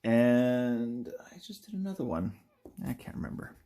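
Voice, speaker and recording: A man's voice: mid-range voice, big pitch swings, normal speed, dark tone. Rambling, playful man drawing and chatting. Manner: rambling, self-correcting, playful. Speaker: artist and video host. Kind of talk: casual chat while drawing live.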